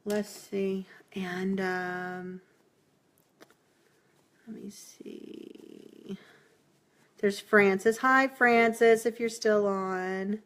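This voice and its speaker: A woman's voice: medium pitch, fairly even intonation, slow, hardly any pauses, a bit bright. A woman giving a live-streamed tarot reading, chatty and reassuring, laughing often as she talks to viewers. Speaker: tarot reader.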